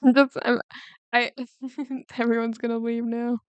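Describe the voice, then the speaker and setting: High, smooth-voiced woman streamer. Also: level tone, slow, no room sound. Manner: rambling, tangent-prone, joking. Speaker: livestreamer. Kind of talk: casual chat while drawing.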